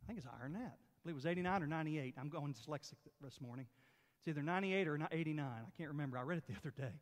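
A man's voice: a little high, rapid-fire, in a large hall. A man preaching a sermon as pastor, with an emphatic, repetitive delivery. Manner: emphatic, repetitive preaching with rising and falling force. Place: church sanctuary.

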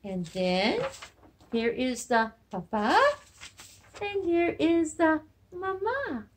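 Slow, lively-voiced woman teaching children. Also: high-pitched. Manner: sing-song, slow, encouraging, repeats words. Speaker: elementary Spanish teacher. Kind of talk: remote lesson for young children.

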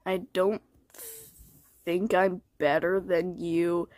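A woman's voice: on the low side, flat delivery, slow, darkish tone, no echo. Blunt woman reading a comic dub.

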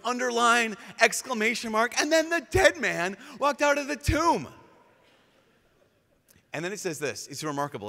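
A man, a priest, giving a lively storytelling talk with casual fillers, acting out quotes in changing voices. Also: a little high. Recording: live talk with long hall reverb.

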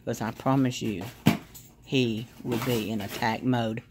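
Recording her dog on her phone from the living room sofa, a woman calls out bubbly sing-song commands and praise in a casual home video. Her very deep voice is steady and measured, with heavy background noise.

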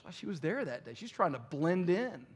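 A man preaching a sermon as pastor, telling a story with animated delivery and acted-out dialogue. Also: high-pitched, fairly quick, husky.

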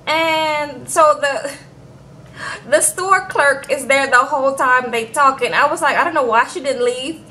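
Bright, high-voiced chatty woman. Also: unhurried, slight background noise, low-quality recording. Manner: chatty, animated, keeps adding "okay?". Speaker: reality TV recap YouTuber. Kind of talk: casual storytelling recap.

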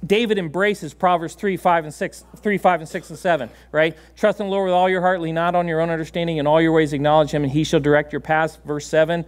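A man preaching a sermon in a church, animated and laughing often, giving commands to a dog on stage. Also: a little high, quick pace, hardly any pauses. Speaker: pastor. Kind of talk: sermon with a live dog demonstration. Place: church sanctuary.

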